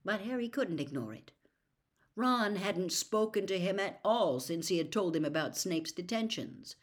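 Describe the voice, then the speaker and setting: Expressive woman reading a story. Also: mid-range voice, moderate pace. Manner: expressive storytelling, drops to a whisper at times. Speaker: narrator. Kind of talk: audiobook narration.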